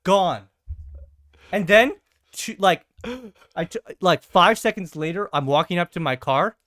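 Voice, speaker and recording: A podcast host tells a story in an animated way, swearing freely and voicing each person in it. The pitch rises and falls a lot. The recording is dry and close. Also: measured pace, no echo. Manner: animated, profane, acts out the people in the story; stammering restarts. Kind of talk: casual storytelling.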